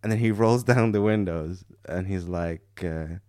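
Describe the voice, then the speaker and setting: A man's voice: low-pitched, a little slow, warm tone, dry recording, studio quality. A young man from Canada casually telling a story on a podcast, laughing as he acts out the other people's lines.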